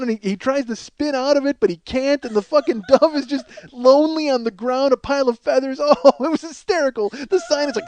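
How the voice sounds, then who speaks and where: A man's voice: extremely high pitch, brisk, hardly any pauses, a little mellow. A man telling a comic story on a podcast, swearing freely and laughing through it. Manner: profane, laughs through his own story. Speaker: comedian host. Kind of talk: comedic storytelling monologue.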